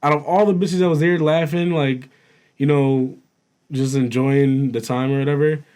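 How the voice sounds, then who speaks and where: A young man co-hosting a podcast, telling a story in casual chat, animated and profane, laughing as he goes. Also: fairly high pitch, moderate pace, clear, resonant tone. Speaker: podcast co-host.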